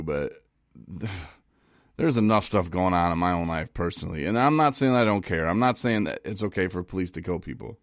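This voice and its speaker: A man in a casual live-stream monologue, halting and repeating words, laughing at himself, and getting choked up. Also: low-pitched, dry recording, studio quality. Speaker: recovery vlogger. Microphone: phone.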